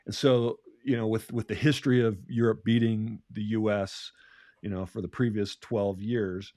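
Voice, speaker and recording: A man co-hosting a leadership podcast, telling a story in a relaxed talking way, often restarting and repeating words. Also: fairly low pitch, normal speed, no echo, clean studio sound. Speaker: podcast co-host, leadership coach. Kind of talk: conversational podcast talk.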